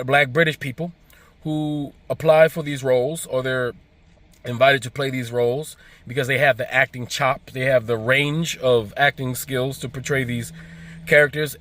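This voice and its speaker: A man's voice: mid-range voice, a bit bright, no room sound. A man with an African American accent, hosting his own channel and giving his opinion in a loose, emphatic, conversational way with frequent restarts. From United States. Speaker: host. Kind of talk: casual commentary to camera.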